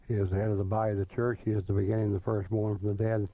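A man preaching a sermon, reading scripture slowly and deliberately, with small restarts. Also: lowish voice, flat delivery, no room sound. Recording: tinny phone-like line, dry.

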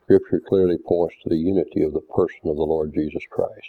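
Male preacher, deliberate teaching sermon with scripture readouts; deep bass, dry and lo-fi like a phone line. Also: steady tone, no room sound. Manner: deliberate, didactic, reads verses aloud. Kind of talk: doctrinal sermon with scripture readings. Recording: tinny phone-like dry sound.

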